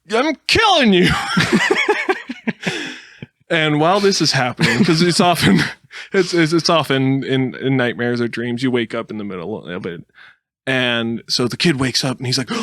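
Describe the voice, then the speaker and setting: A man's voice: mid-range voice, normal speed, no echo, studio quality. A man co-hosting a podcast, telling a made-up story in casual chat with lots of laughs. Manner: animated storytelling with laughs and silly put-on voices. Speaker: podcast co-host.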